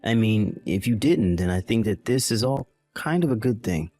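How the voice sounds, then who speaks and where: A man's voice: lowish voice, expressive, moderate pace, mellow, soft background music, natural voice. A man voicing a callous young husband in a text-message drama, talking in a dismissive, impatient way.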